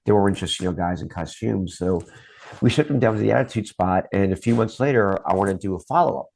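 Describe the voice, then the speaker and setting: A man's voice: fairly low pitch, fast talker, creaky, darkish tone, husky. A middle-aged man, a guest on an interview show, telling long stories about his work in TV promos in a casual chat style. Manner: long anecdotes, acts out quoted voices.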